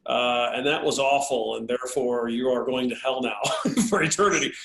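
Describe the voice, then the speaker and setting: A cool, unhurried pastor gently asks questions, as a man quotes him in a story. The delivery stays calm and plain, close to an everyday voice. A slight room echo hangs around it. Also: mid-range voice, gravelly. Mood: calm, probing.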